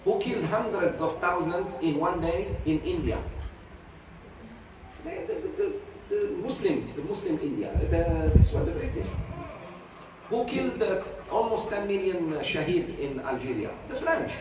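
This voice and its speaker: A man's voice: high-pitched, very animated, normal speed. Fiery man lecturing in an echoey hall. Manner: fiery, emphatic volleys of rhetorical questions; sprinkles Arabic religious phrases. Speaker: sheikh teaching Quran commentary. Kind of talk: religious class lecture. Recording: very echoey, distant mic, noisy.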